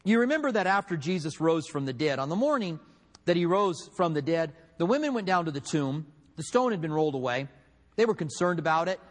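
Guy preaching in a church, kinda high voice, big hall echo, tells it like a story. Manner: storytelling with acted quotes, swinging between loud and hushed. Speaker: pastor. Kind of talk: sermon.

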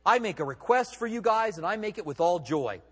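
A man's voice: sits high, animated, brisk, breathy edge, big-room sound. A man preaching a sermon as pastor, conversational and emphatic, with rhetorical questions.

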